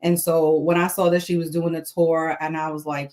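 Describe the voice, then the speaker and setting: A woman with a notably low voice chats on a podcast in a loose, conversational way. She leans on fillers like "like" and "I mean" as she talks. Her delivery is relaxed and informal. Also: normal speed. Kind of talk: casual chat.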